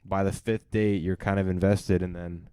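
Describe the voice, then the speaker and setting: A man's voice: deep voice, level tone, moderate pace, warm tone, clean tone, dry recording. A man co-hosting a casual podcast, laid-back and teasing. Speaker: podcast co-host. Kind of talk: casual chat.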